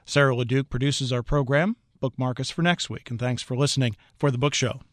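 A man hosting a radio book show, asking measured, courteous questions and closing the program. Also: medium pitch, no room sound, studio quality. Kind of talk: radio interview.

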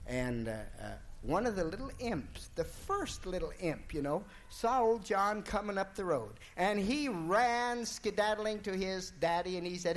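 A man telling a folk tale in a drawling, folksy, relaxed way. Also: sits high, unhurried, hardly any pauses. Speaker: storyteller.

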